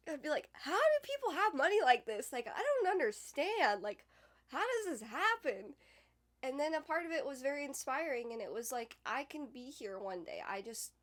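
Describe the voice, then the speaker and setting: Young woman, emotional rambling storyteller. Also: high-pitched. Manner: rambling, emotional, heavy use of "like". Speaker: podcast host. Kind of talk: candid personal storytelling.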